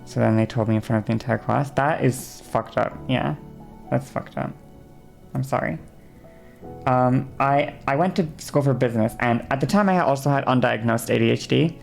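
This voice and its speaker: A woman in her twenties, streaming and telling a story in a heated, swearing rant, often pausing to check in with her listeners. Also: a bass voice, creaky, soft background music. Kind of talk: casual stream chat.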